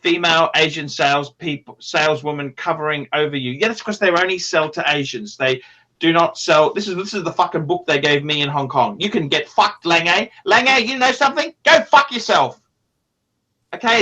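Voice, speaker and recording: A man hosting a casual livestream, reading out donations and talking in profane, excitable bursts. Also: high-pitched. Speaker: livestream host.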